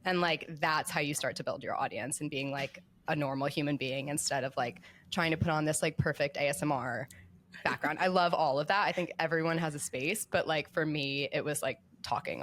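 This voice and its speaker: A woman's voice: low voice, brisk, a bit bright, a little hiss or hum. A young woman talking as a podcast guest in a casual, chatty way, with lots of filler words. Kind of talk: casual chat.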